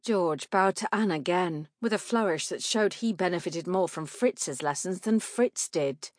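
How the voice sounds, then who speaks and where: A woman narrating an audiobook in a measured, clear way. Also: fairly low pitch, no echo, clean studio sound.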